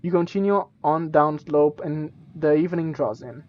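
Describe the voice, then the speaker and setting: A man's voice: fairly high pitch, normal speed, lo-fi sound. A man streaming, reading a gamebook aloud with stumbles, restarts and casual asides. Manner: reads with stumbles and self-corrections, casual asides.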